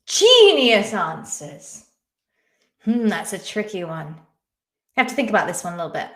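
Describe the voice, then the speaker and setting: A woman's voice: medium pitch, sing-song, moderate pace, a bit bright. A woman hosting a live-stream quiz, chatting casually and reading out viewers' names and answers. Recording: echoey room.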